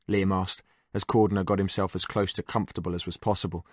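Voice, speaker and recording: A male audiobook narrator reading a military story with steady, measured delivery. His voice sits on the low side and the recording is dry and close, with no room sound. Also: no room sound. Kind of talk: scripted narration.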